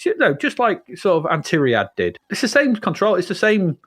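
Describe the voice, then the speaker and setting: A man's voice: sits high, huge pitch swings, normal speed, fairly bright tone, no echo. A man hosting a casual retro game review chat, criticizing games in a dry, dismissive way. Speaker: podcast host.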